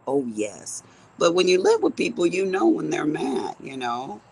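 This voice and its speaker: A woman in her fifties who chats to her viewers while crafting. She tells stories in a low voice. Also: big pitch swings, normal speed, husky, rough recording. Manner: chatty storyteller talking to viewers as she works. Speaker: crafting vlogger. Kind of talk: casual chat while crafting.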